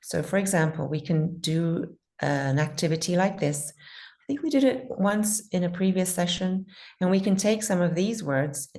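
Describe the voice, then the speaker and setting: A woman teaching pronunciation in an online class, patiently modeling words slowly and repeating them. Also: lowish voice, dark tone.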